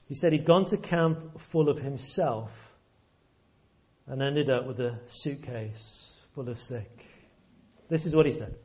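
A man's voice: mid-range voice, unhurried, dull audio. A man preaching a sermon, earnest, often repeating words as he stresses a point.

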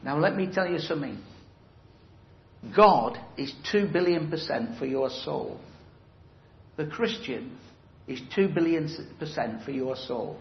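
A man's voice: fairly high pitch, lively intonation, a little slow, vocal fry, pauses often. A middle-aged man preaching an evangelistic sermon in a church hall, speaking emphatically and conversationally and putting questions to his listeners. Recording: roomy, slightly dull hall recording.

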